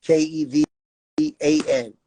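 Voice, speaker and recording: A man's voice: fairly high pitch, fairly even intonation, slow, mellow. A man talking as an interview guest about his jailed son, earnest and repetitive, often saying "you know what I'm saying". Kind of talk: emotional interview talk.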